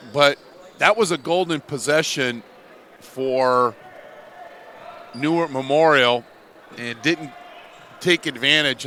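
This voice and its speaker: A man's voice: a little high, sharp tone, a little hiss or hum. A man in his fifties giving basketball color commentary, explaining plays in a coach-like way. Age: 50s.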